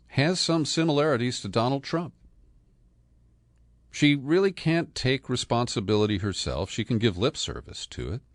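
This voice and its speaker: A man's voice: mid-range voice, dry recording, clean studio sound. A man hosting a political podcast, talking through the news in a sardonic, conversational way with frequent fillers and chuckles. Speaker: podcast host.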